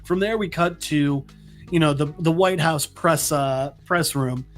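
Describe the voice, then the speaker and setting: A man's voice: on the high side, a little slow, soft background music. A man hosting a casual comic book recap, rambling with many restarts. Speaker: host.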